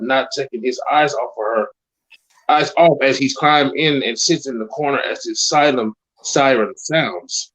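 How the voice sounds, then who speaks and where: A man's voice: medium pitch, a bit bright, low-quality recording. A man co-hosting an online show, reading a scripted wrestling storyline aloud, sometimes tripping over words and adding his own reactions. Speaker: co-host.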